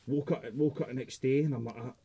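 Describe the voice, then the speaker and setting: A man's voice: mid-range voice, fairly even intonation, quick pace, vocal fry, warm tone. A young man in his twenties, a podcast guest telling a rambling, sweary story and tagging his lines with "mate". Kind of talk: casual storytelling chat.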